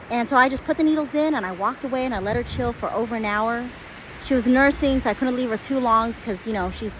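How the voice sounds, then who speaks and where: A woman's voice: fairly high pitch, background noise. A woman in her forties, an acupuncturist, giving blunt, emphatic advice through a conversational story.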